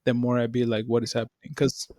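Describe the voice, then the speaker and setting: A man, chatting casually on a podcast and telling stories with animated, acted-out quotes. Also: medium pitch, fast talker, no room sound, clean studio sound. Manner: animated storytelling, swears freely, acts out quoted voices. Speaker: podcast co-host.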